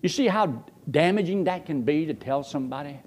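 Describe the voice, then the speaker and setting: Lively folksy male preacher. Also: a little high, brisk. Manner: animated, chuckling, folksy, talks straight to the congregation. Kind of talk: storytelling sermon to a congregation.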